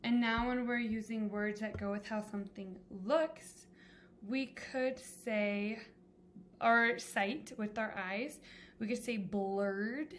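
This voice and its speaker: A woman's voice: medium pitch, a little hiss or hum. Patient woman teacher explaining a lesson. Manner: patient, explaining step by step with examples. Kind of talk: classroom lesson.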